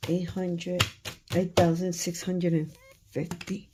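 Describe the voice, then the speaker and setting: A woman counting cash aloud for her budgeting vlog, murmuring numbers and thinking out loud. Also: fairly low pitch, level tone, slow pace, noisy background. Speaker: budgeting vlogger.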